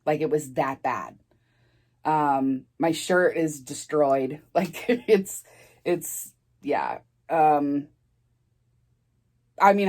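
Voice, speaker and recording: A woman's voice: deep voice, darkish tone. A woman telling a personal story in a casual storytime vlog, rambling with many fillers and restarts and laughing as she talks.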